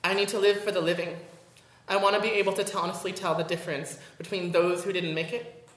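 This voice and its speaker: A woman performing her spoken word poetry at a college venue, intense and rhythmic, building repeated chants to loud peaks. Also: fairly low pitch, steady tone, fast talker. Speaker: performance poet. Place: college venue before a live audience. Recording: echoey room.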